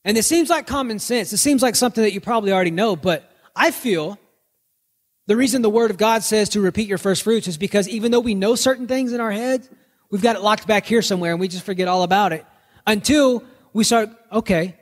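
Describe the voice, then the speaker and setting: A pastor delivers a conversational sermon on a podcast, keeping it casual and joking and using stories to make his point. His voice sits high and he speaks fast, with the sound of a big room around him.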